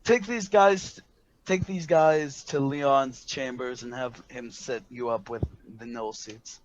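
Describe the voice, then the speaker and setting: A man voicing a bossy, short-tempered woman director who yells orders. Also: medium pitch, takes it slowly, muffled recording, a little hiss or hum, natural voice. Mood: commanding. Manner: yelling orders.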